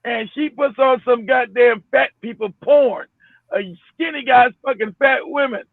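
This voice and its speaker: Middle aged guy on a tinny phone line, super high voice, gravelly, cussing and cracking up telling a raunchy story. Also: measured pace. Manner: profane, laughing, acts out quotes. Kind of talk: crude comedic storytelling.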